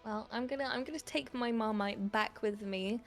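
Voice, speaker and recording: A young woman talks on a live stream in a slightly high voice, playful and quick to giggle. Soft music runs quietly behind her. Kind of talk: casual chat. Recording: faint music in background.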